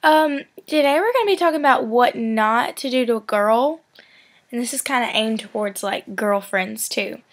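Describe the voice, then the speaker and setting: A woman's voice: on the high side, normal speed. A teenage girl chatting casually with a friend, giving dating advice in a giggly, filler-heavy way. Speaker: vlogger.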